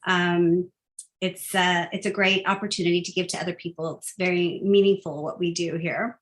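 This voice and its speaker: A woman's voice: on the low side, flat delivery, normal speed. A woman giving a casual, upbeat phone-skills training talk, chatty and full of fillers.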